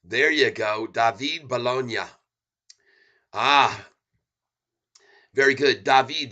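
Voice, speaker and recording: A man hosting a casual stock market livestream, rambling and excitable, chuckling as he chats with viewers. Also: mid-range voice.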